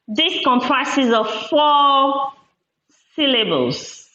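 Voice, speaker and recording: A woman teacher giving a classroom lesson, speaking slowly and deliberately and repeating words syllable by syllable. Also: fairly high pitch, lively intonation, a bit bright. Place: classroom with a board. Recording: echoey room, dull lo-fi sound.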